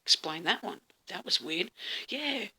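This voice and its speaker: A woman's voice: lowish voice, sing-song, a little slow, sharp tone, breathy edge. A woman telling a dream story in a dramatic, casual way, often dropping to a whisper and swearing freely.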